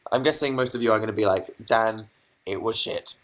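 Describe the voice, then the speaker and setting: A man's voice: on the low side, fairly quick, fairly bright tone. A young man from England hosting a casual livestream from his bedroom, reading out viewer comments and answering them with dry, sarcastic asides. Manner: reads chat aloud, dry sarcastic asides. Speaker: livestream host.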